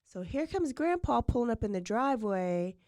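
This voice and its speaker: A woman's voice: a little high, sing-song, normal speed, darkish tone, dry recording, clean studio sound. A woman hosting a podcast, casually retelling a true-crime case and saying "like" often. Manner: chatty, fills with "like" often. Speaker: podcast host.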